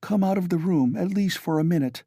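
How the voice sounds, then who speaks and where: A man's voice: high voice, brisk, creaky, dry recording, studio quality, voice pushed up. Man doing a composed, proud young sister. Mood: restrained. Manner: gentle, restrained.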